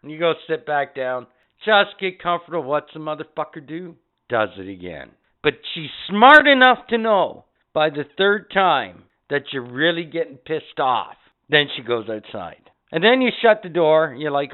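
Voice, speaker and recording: A male podcast host talks in a loose, profane rant, swearing freely as he tells his stories. His voice sits a touch high and comes through smooth and resonant. The recording is narrow and tinny, like a phone line. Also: moderate pace. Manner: profane, animated storytelling.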